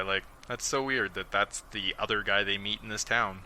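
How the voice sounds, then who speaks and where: A man hosting a casual podcast, recapping episodes with sarcastic, animated storytelling and mocking quoted voices. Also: lowish voice, normal speed, low-quality recording. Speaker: podcast host.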